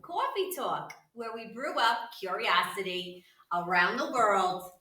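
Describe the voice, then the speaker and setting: A woman co-hosting a playful science lesson for kids, animated and teacherly, repeating key words. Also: mid-range voice, unhurried. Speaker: co-host and science explainer. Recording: roomy sound from a distance.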